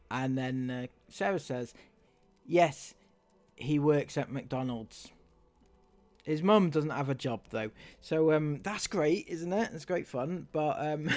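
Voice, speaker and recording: A man's voice: on the high side, darkish tone. A man doing sarcastic commentary on online clips, mocking and laughing at what he plays. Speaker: commentary YouTuber.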